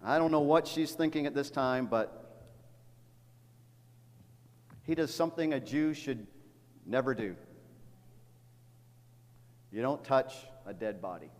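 A middle-aged pastor delivers a sermon in a church sanctuary, his medium-pitched, darkish voice moving slowly with frequent pauses. The large hall gives a long reverb as he earnestly tells a story, repeating words often.

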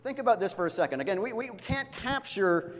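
A man's voice: high voice, animated, brisk. A middle-aged man preaching a sermon as a pastor, speaking earnestly and often repeating words as he tells a story. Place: church sanctuary. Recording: long reverb of a large hall.

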